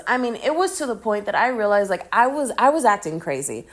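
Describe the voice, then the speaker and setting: A young woman hosting a podcast, chatting casually in slangy, animated talk full of "like" and "dude". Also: medium pitch, a little fast, few pauses. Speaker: podcast host. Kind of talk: casual chat. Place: Texas.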